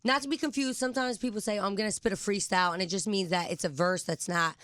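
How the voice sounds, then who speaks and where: A young woman chatting quickly and cheerfully as a guest in a radio studio interview. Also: mid-range voice, fairly even intonation, a bit bright, no room sound. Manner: chatty and quick, laughs easily. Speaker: guest rapper. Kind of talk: casual interview chat.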